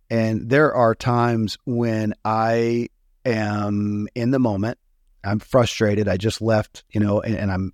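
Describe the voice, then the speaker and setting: A man's voice: lowish voice, darkish tone, dry recording, studio quality. A man hosting a podcast, speaking earnestly and reflectively, thinking aloud with frequent restarts. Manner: earnest, searching, talks through thoughts with restarts. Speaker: podcast host.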